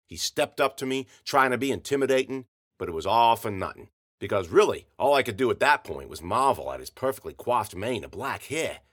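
A man narrating a first-person story in a wry, hard-boiled deadpan. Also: medium pitch, breathy edge.

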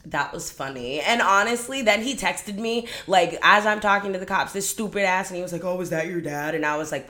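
A young woman in her twenties hosting a podcast, telling stories in a casual, profane, animated way that swings between loud and quiet. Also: fairly low pitch, normal speed, echoey room. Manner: profane, animated storytelling with dramatic swings in volume. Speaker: podcast host. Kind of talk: casual storytelling monologue.

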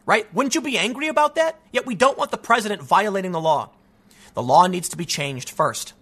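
A man with a high, bright, forceful voice delivering opinionated commentary on the news. He argues emphatically, stumbles into restarts and keeps tossing in "man" as he presses his point. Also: expressive, brisk, husky. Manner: emphatic, argumentative, repeats "man", frequent restarts. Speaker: political commentator.

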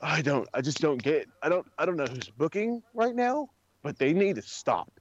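A man's voice: on the high side, sing-song, normal speed. A man co-hosting a wrestling chat, sarcastic and profane, ranting with plenty of swearing. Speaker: wrestling podcast co-host. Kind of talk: casual chat. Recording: dull dry lo-fi.

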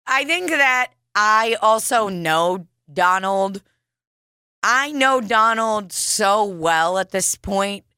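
A young woman co-hosting a casual chat, spinning animated, profane stories and laughing as she goes. Her voice is bright and forward. The sound is dry and close, with no room around it. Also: medium pitch, slow pace, smooth, no echo. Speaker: podcast co-host.

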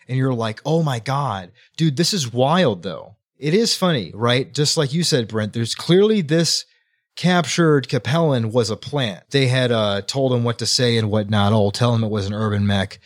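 A man co-hosting a casual book podcast, recapping the plot in an animated way and acting out the characters' lines. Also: medium pitch, moderate pace, dry recording, clean studio sound. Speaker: podcast co-host.

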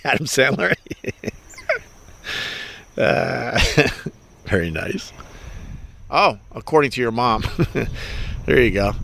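A man's voice: sits low, background noise. A middle-aged man hosting a livestream, chatting casually and greeting viewers by name. He rambles, swears freely and makes fun of himself. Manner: loose, profane, self-mocking, greets viewers by name. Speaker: livestream host reading viewer chat.

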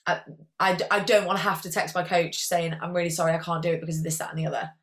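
A young Englishwoman talking casually as an interview guest, with a somewhat low voice. She rambles along freely, scattering "like" through her sentences. The tone is easygoing and conversational. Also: fairly even intonation, rapid-fire. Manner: chatty, rambling, peppered with "like". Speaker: guest athlete.

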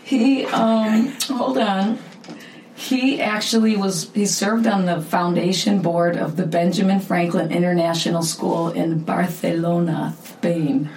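A woman's voice: lowish voice, fairly even intonation, measured pace, darkish tone, reverberant, slight background noise, poor audio. A woman hosting a podcast interview, playful and teasing, laughing often. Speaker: podcast host. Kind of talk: casual interview chat.

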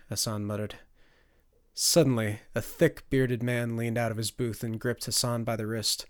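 A male audiobook narrator reading a fantasy story in a measured storytelling voice at an even middle pitch. He is recorded close on the mic in a dry, dead room. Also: smooth, no room sound.

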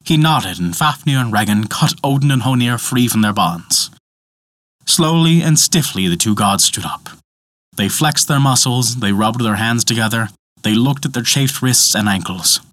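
A man narrating a myth in a dramatic, expressive storytelling style. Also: medium pitch, normal speed, no echo, studio quality.

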